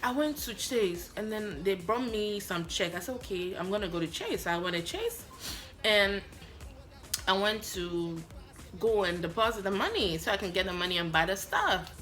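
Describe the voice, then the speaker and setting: A woman from Africa telling a story in a lively vlog, acting out both sides of her phone calls. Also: mid-range voice, normal speed, soft background music. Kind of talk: animated story-time vlog.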